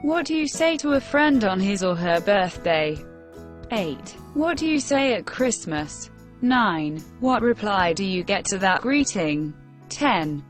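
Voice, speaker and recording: Woman reader for a language-lesson recording, very slow and deliberate, mid-pitched, faint music under the voice. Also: very animated. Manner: measured, careful dictation pace. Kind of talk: slow textbook reading for learners.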